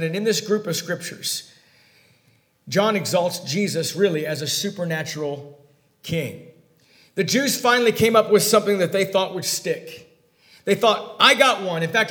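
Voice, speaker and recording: A man preaching a sermon, reading scripture aloud and explaining it, with his voice rising loud and dropping low as he makes his points. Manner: dynamic preaching with sharp swings in loudness and pitch; expository, reading and unpacking scripture. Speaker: pastor.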